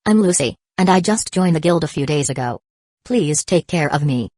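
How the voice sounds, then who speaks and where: A woman's voice: deep voice, lively intonation, moderate pace, a little mellow, no echo, studio quality. A woman voicing a polite young girl new to a guild, in an audiobook reading.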